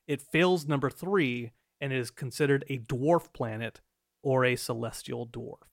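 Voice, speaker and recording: A man's voice: mid-range voice, unhurried, vocal fry, dry recording, studio quality. A man in his thirties co-hosting a podcast, playful and laughing often, with many restarts as he explains. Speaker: podcast co-host. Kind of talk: casual podcast chat.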